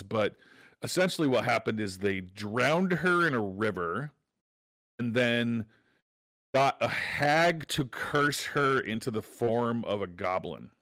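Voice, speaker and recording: A man co-hosting a casual chat, recapping a show in an animated way, full of fillers and quick asides. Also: mid-range voice, no echo. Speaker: podcast co-host.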